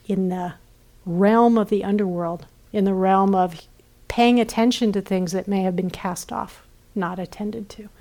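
At a retreat center, a woman meditation teacher with a medium-pitched voice gives a gentle dharma talk. She often checks in with listeners and lets her sentences trail off softly.

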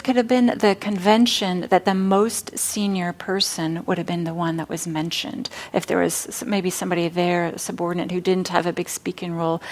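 A woman giving a dharma talk at a meditation center, telling a teaching story with frequent pauses and fillers. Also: on the low side. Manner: warm storytelling, hesitant fillers.

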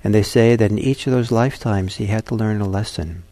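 A man, a meditation teacher, giving a dharma talk and telling a fable in a gentle, halting way. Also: lowish voice, fairly even intonation.

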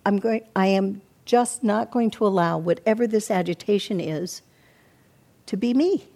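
An older woman teaching meditation in a calm, reflective dharma talk, often acting out her own inner self-talk. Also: medium pitch. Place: meditation hall.

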